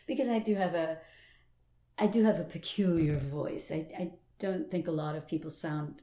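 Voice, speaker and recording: Lively older actress, roomy sound. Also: female voice, deep voice, moderate pace. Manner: animated storyteller who acts out quoted voices and laughs often. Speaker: stage actress guest. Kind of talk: casual interview chat. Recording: roomy echo.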